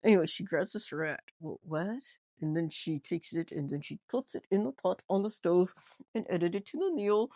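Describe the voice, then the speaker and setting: A woman's voice: on the low side, moderate pace, dark tone, no echo. A woman ventriloquist hosting a casual, rambling comedic news recap with many restarts. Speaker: ventriloquist host.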